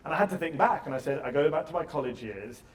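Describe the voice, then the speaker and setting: A man moderating a live panel discussion in a theater, talking fast and energetically with self-deprecating asides. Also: fairly high pitch, animated, distant mic. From Britain. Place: theater stage.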